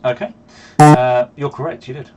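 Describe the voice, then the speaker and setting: A man's voice: mid-range voice, fairly even intonation, normal speed, darkish tone, soft background music. A man narrating and running a tabletop role-playing game as dungeon master, playful and teasing, laughing often.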